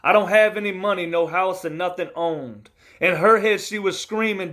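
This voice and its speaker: A man's voice: high-pitched, moderate pace, bright, forceful tone. A man in his thirties reciting a rhymed spoken-word poem about his own life, in an earnest, heartfelt, confessional way. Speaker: storyteller.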